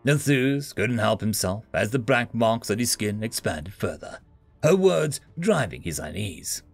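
Expressive male story narrator. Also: on the low side, unhurried, gravelly, soft background music.

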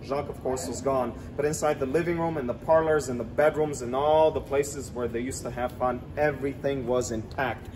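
A man's voice: mid-range voice, steady tone, normal speed, hardly any pauses, background noise. A middle-aged man, a tour guide, animatedly telling a legend outdoors on a city street and pointing out spots. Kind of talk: storytelling on a walking tour.

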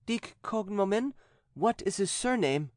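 A man's voice: sits high, expressive, measured pace, a little mellow, no room sound, clean studio sound, voice pushed up. A man playing a stern priest-exorcist. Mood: stern, commanding. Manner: commanding, formal questioning. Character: stern male priest-exorcist questioning a demon.

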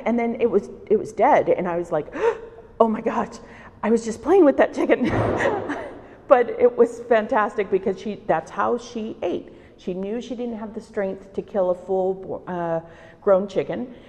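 A woman's voice: medium pitch, moderate pace, darkish tone. Reflective woman artist in a reverberant hall. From El Salvador. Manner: reflective, storytelling. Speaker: wood-carving artist. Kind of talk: interview, personal storytelling. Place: art exhibition hall.

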